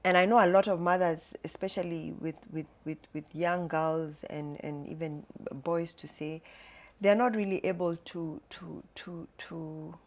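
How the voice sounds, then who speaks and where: A middle-aged woman, the host's mother, talking in a measured, reflective way with halting restarts. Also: lowish voice, fairly even intonation, darkish tone. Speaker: guest, mother. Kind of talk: casual conversation.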